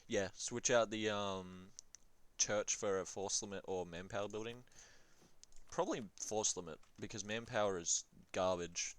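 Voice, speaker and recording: A man's voice: fairly low pitch, no room sound. A young man rambling through advice on a strategy game, swearing and joking, often trailing off with ums. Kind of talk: casual rambling game commentary.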